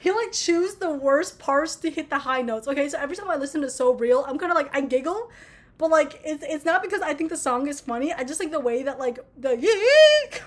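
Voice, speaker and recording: A young woman vlogging in a casual, excitable rant, gushing and swearing freely. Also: high voice, fast talker.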